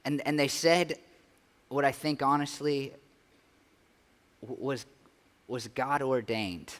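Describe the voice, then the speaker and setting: A man's voice: mid-range voice, slow, a bit bright. A man preaching a sermon as pastor, earnest and conversational, with frequent restarts. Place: church sanctuary. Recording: long church hall reverb.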